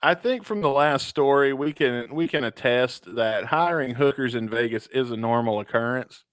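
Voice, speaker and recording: A man's voice: mid-range voice, moderate pace, a bit bright, no room sound. A young man co-hosting a casual podcast, reading stories aloud in a laid-back way with small stumbles and fillers. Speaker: podcast co-host.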